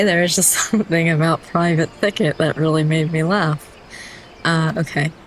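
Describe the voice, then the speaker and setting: A young woman streams a game and talks through it in casual, chatty asides, cracking up easily. Her voice sits slightly low for a woman. A faint background noise lingers behind her.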